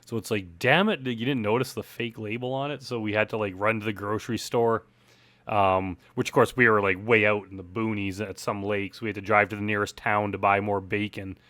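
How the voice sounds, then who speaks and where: A man giving a relaxed, rambling director's commentary on his film, full of fillers like "like" and "uh". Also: lowish voice, fairly quick, no room sound.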